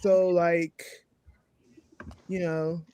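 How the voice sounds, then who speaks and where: A British woman guest on a live stream, halting and joking, talking over a video call. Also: fairly low pitch, little pitch movement, mellow, a little hiss or hum. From United Kingdom. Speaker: podcast co-host, stream guest. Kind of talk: casual chat on a live stream.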